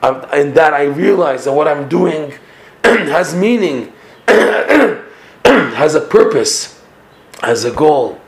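A man's voice: a little high, expressive, slow pace, gravelly, roomy sound. A man giving a Torah lesson, earnest and emphatic, often repeating and rephrasing his points. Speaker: Torah teacher.

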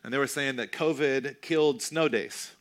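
A man in his thirties preaching a sermon in a conversational, self-deprecating way, slowing down for emphasis. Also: mid-range voice. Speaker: pastor.

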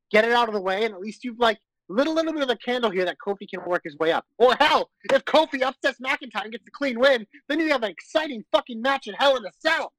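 A man's voice: very high voice, fairly bright tone, no room sound, rough recording. A man co-hosting a casual podcast, ranting with frustration and plenty of swearing. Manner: exasperated, profane ranting. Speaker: podcast co-host. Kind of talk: casual wrestling podcast chat.

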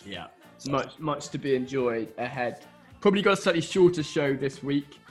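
A man's voice: medium pitch, expressive, normal speed, breathy edge, faint music behind. A man co-hosting a podcast in casual chat, rambling and self-mocking with frequent laughs. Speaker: podcast co-host.

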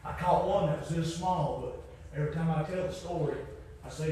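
A man preaching a fiery revival sermon, shouting at his peaks, then dropping low for emphasis, with folksy grammar. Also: fairly quick, a little hiss or hum. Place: church. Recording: very echoey church hall.

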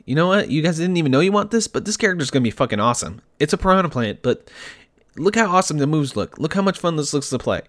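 A man's voice: fairly high pitch, big pitch swings, quick pace. Brief: smug defiant game maker, brash and swearing, a man putting him on.

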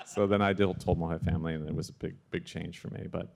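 A man speaks in a slightly low voice as he tells a story to a live audience. He is lively and chatty, trips over his own sentences, restarts them and breaks into laughter. He sounds like a sound designer sharing backstage memories. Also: vocal fry, background noise. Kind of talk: anecdotal storytelling at a live panel. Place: live evening event before an audience.

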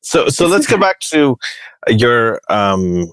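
A man's voice: medium pitch, sing-song, slow, fairly bright tone, no room sound, rough recording. A man hosting a podcast, recapping the story and prompting his guest with questions. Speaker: podcast host. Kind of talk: interviewing.

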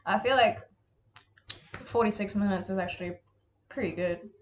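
A woman's voice: medium pitch, normal speed, slight background noise. A young woman co-hosting a casual podcast, rambling with lots of fillers and giggling often. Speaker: podcast co-host. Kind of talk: casual chat.

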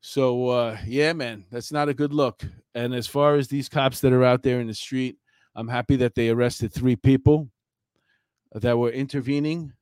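A man's voice: mid-range voice, steady tone, normal speed, darkish tone, clean tone, no echo. Middle-aged new guy, ex-cop, rambles with lots of uhs, dry close sound. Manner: rambling, blunt, swears, many fillers. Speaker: former police officer, commentator. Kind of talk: casual storytelling commentary.

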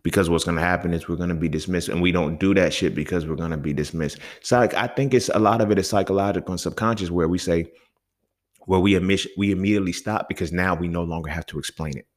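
Deep-voiced man ranting on a podcast. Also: quick pace. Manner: profane, heated, conversational, keeps asking "you feel me". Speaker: podcast host. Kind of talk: casual solo podcast monologue.

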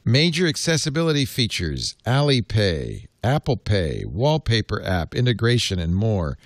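A man's voice: fairly low pitch, huge pitch swings, moderate pace, no echo. A man hosting a casual tech podcast, rambling, laughing and reading items from his notes on a close mic. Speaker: podcast host.

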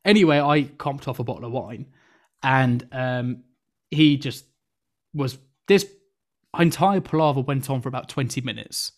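A young man, telling a work anecdote on a casual podcast with animated, swearing delivery. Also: mid-range voice, moderate pace. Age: 20s.

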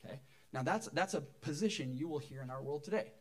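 High-voiced pastor preaching conversationally. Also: male voice, expressive, quick pace. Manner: conversational, jokes with the congregation. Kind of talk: sermon. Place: church.

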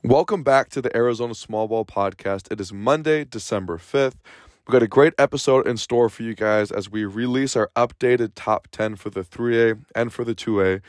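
A man's voice: mid-range voice, normal speed, darkish tone, no echo, studio quality, faint music behind. A man hosting a sports podcast, talking casually and energetically, a bit out of breath, rambling and restarting his sentences. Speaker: podcast host.

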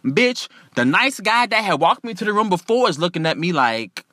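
A man telling a personal story in a profane, animated and emphatic way. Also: fairly high pitch, moderate pace, no echo, studio quality.

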